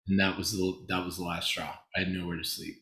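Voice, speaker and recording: A man's voice: low voice, fairly quick, echoey room, low-quality recording. A man from Los Angeles, a guest screenwriter, telling candid, rambling stories in an interview. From Los Angeles, USA. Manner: animated, rambling, laughs while telling stories.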